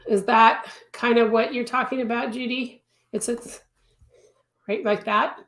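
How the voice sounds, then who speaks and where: A woman's voice: on the high side, steady tone, unhurried, fairly bright tone. A woman teaching crochet in a live-stream tutorial, answering viewers in a chatty way and repeating words for emphasis. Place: home craft studio. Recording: echoey room.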